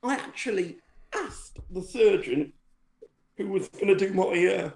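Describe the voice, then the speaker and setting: A man's voice: high voice, expressive, a little slow, gravelly, darkish tone. A man casually telling a long personal story, rambling with many fillers and restarts and a dry, self-mocking humour. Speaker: podcast co-host telling a story. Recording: roomy echo.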